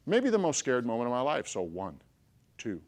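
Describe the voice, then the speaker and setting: A man speaks to a group in an ordinary, mid-pitched voice that neither booms nor squeaks. He is telling a personal story, lively and animated, jumping from loud bursts to hushed, low moments. Along the way he keeps checking in with his listeners. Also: normal speed. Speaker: motivational speaker.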